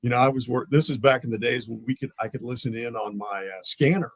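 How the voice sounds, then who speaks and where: This police lieutenant talks fast in a medium-pitched voice, animatedly imitating the people in his stories during a casual podcast interview. The recording has no echo but sounds rough.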